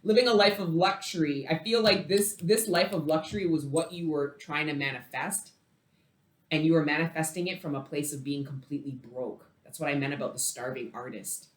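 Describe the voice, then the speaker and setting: A woman giving a casual tarot reading, emphatic and swearing freely, with big swings between loud outbursts and low murmurs. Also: normal speed. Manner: emphatic, heavy swearing, dramatic swings in loudness. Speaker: tarot reader. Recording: roomy echo.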